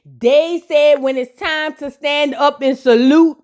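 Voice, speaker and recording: Sassy high-voiced woman reviewer. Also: slow. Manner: sassy, gossipy, slangy and animated. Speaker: reality TV reviewer. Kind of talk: casual reaction commentary.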